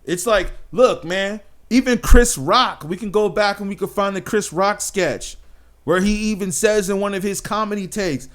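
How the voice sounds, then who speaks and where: A high-sitting, somewhat bright voice at normal speed belongs to this male channel host. Speaking casually to camera, he's emphatic and blunt, regularly tossing in "man" and "right?".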